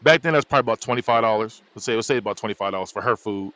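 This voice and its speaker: A man hosting a podcast, recapping a movie in an animated, casual way with frequent laughs. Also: on the low side, racing, no room sound. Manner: animated storytelling, laughs often. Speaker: podcast host.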